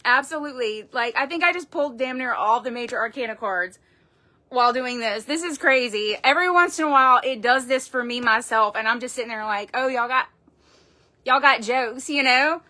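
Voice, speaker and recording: A woman's voice: a little high, a little fast, pushed and bright. A woman doing a live-streamed tarot reading, talking in an emphatic, folksy way and swearing casually into a phone. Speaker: tarot reader.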